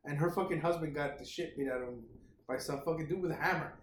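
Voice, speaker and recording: Man, podcast co-host, swearing and laughing, fairly high voice, echoey room. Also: fast talker. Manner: laughing, swearing, jumps into impressions. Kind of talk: casual profane banter. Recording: roomy echo with faint noise.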